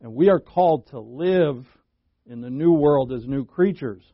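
A man's voice: mid-range voice, a little slow, dry recording. A man preaching a sermon with emphatic bursts on key words and folksy asides. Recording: dull lo-fi dry recording.

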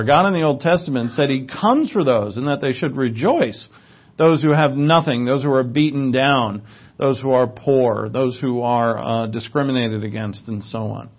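A male preacher teaches in an easy, conversational way, wandering into asides and using filler words. His voice sits at an ordinary middle pitch. The recording sounds a little muffled and lo-fi. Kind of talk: sermon teaching.

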